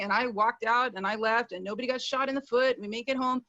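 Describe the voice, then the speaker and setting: A woman's voice: fairly high pitch, fairly quick, a bit bright, no room sound, highs cut off. A woman comedian telling a story in casual chat, blunt and profane, laughing as she talks, over a video call. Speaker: comedian guest.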